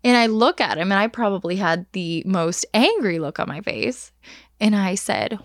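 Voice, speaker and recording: Woman in her 30s doing her podcast, chatty and animated, middle pitch, dry close mic. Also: normal speed, no room sound. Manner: animated, chatty, asks listeners directly. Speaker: podcast host. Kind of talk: casual storytelling monologue.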